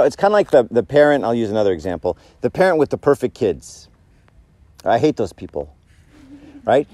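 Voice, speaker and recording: A man's voice: mid-range voice, warm tone, dry recording. A man giving a casual, conversational sermon, joking and asking the audience questions. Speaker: church speaker.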